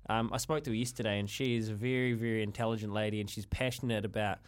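A man hosting a radio show, calmly and thoughtfully explaining what is coming up next. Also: lowish voice, clear, resonant tone. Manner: measured and articulate, explains at length. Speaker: radio host. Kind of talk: radio talk segment.

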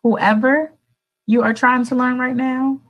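A woman's voice: on the low side, moderate pace, rough recording. A young adult woman vlogging in a casual, rambling motivational chat, speaking to her viewers with affectionate asides.

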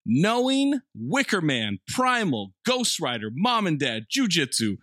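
A male podcast host with a lively, somewhat high voice, reading out cast lists with playful, exaggerated emphasis. The sound is dry and close to the mic, with no room around it. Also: unhurried, no room sound. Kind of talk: casual comedy podcast banter.

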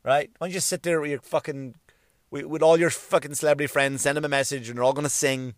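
A man doing a profane comic rant, swearing constantly and mimicking people in quick bits. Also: a little high, fairly even intonation, dry recording, clean studio sound. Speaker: comedian.

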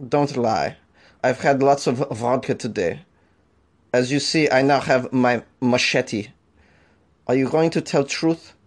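A man's voice: medium pitch, voice pushed down. Man putting on a jealous Russian woman. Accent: mock Russian-German. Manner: menacing, interrogating.

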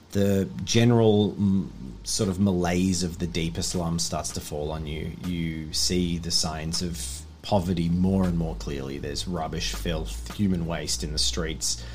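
A man's voice: low voice, a little mellow, a little hiss or hum. A man narrating a tabletop game as game master, describing scenes with hesitant fillers.

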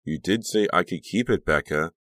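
A man's voice: sits low, moderate pace, fairly bright tone, dry recording, pitched above the performer's own voice. A man voicing a clingy, pouty teenage girl with a creepy streak in an audiobook reading. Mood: hurt.

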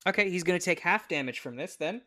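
A man's voice: high voice, expressive, pushed and bright, dry recording, clean studio sound. A man playing a tabletop game, reading out spell rules and chatting about his turn. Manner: explains rules, quick asides. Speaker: player. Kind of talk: casual tabletop game chat.

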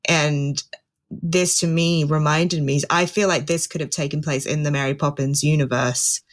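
Deep-voiced enthusiastic woman. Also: fairly even intonation, moderate pace, soft background music. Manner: enthusiastic, openly fond of what she discusses. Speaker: guest film critic. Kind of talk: casual film review chat.

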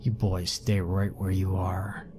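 Horror villain guy, man doing the voice, breathy creepy whisper, slow, cheery and sadistic. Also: sits low, little pitch movement, noisy background. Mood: menacing. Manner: hushed menacing whisper. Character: sadistic cheerful killer man, greasy-haired, menacing.

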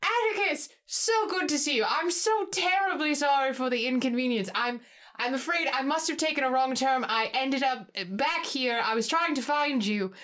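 Brief: woman doing a prissy, genteel tabletop heroine, higher and brighter than her own voice, formal and flustered. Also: normal speed. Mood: sweetly innocent. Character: prim, overly polite woman adventurer.

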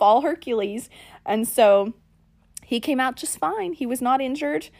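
A woman podcast host, telling a personal story in a lively way and calling her listeners y'all and guys. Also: high-pitched, normal speed. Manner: animated, acts out quoted lines.

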